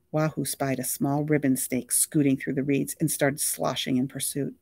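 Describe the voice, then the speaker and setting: A reader narrating a novel at a mid pitch, steady and even, close to the mic. The sound is dry, with no room around it. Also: moderate pace, vocal fry, few pauses, dry recording. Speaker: audiobook reader.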